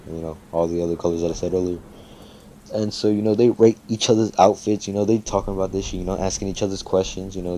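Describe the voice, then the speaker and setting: A man's voice: low-pitched, warm tone, slight background noise. A man casually making up and telling a fan story, rambling with lots of fillers and swearing freely.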